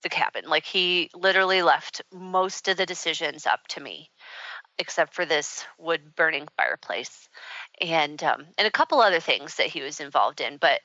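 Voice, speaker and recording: A woman's voice: sits low, animated, normal speed, pushed and bright, no echo. A woman hosting a radio talk show, telling a personal story in a rambling, candid way with many fillers. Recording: dull, muffled radio audio.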